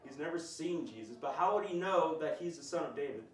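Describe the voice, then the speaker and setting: A man's voice: a little high, animated, a little fast, a little hiss or hum. A man teaching a conversational bible lesson, explaining and asking his group questions. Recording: roomy, distant mic.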